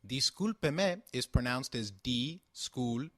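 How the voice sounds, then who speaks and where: A man's voice: medium pitch, sing-song, unhurried, fairly bright tone, no echo, studio quality. A man giving a scripted language lesson, patiently saying phrases and asking the listener to repeat them. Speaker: language teacher.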